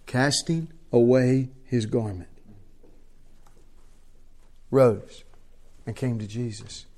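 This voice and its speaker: A man preaching a sermon in a folksy, impassioned way, shifting from quiet to loud. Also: medium pitch, slow.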